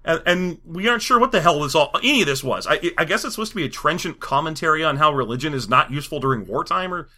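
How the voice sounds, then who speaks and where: A man's voice: on the high side, expressive, fast talker, hardly any pauses, pushed and bright. A man co-hosting a casual film review chat, sarcastic and mocking, acting out scenes in silly voices. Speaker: podcast co-host reviewing a film.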